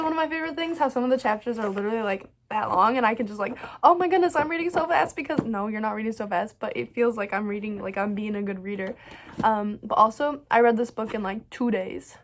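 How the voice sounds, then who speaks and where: A woman chatting casually about books she loved, gushing and rambling with lots of "like" and frequent restarts. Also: medium pitch. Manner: gushing and bubbly, many "like"s and "so good"s; rambling, restarts her sentences. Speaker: book vlogger. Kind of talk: casual reading wrap-up chat.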